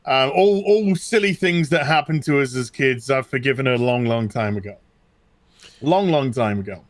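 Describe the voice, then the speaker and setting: In a dry recording, a middle-aged British co-host speaks with medium pitch at a moderate pace. He tells personal stories in a casual, animated chat, with plenty of restarts and repetition.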